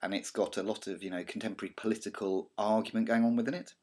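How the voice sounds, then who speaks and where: A man's voice: fairly low pitch, steady tone, quick pace, a little mellow. A man with a southern English accent, a college media teacher talking over slides in a recorded lecture, chatty and digressive with many ums and restarts. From Britain. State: slight cough.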